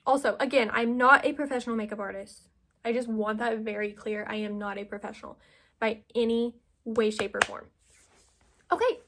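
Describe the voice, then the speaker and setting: A woman's voice: a little high, steady tone, moderate pace, fairly bright tone. Chatty young woman, makeup tutorial. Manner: chatty, filler-heavy, self-deprecating. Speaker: vlogger.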